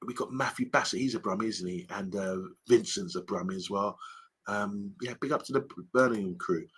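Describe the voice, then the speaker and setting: Chatty low-voiced man hosting a stream. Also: brisk, fairly bright tone, slightly rough. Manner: chatty, rambling, with many ums and restarts. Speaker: host of a fan live stream. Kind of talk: casual live-stream chat reading viewer comments.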